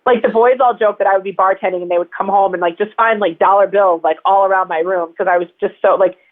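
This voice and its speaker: A fast-talking woman with a medium-pitched voice and steady tone tells personal stories as an interview guest, chatty and rambling with many fillers. It's casual interview storytelling heard over a tinny phone line.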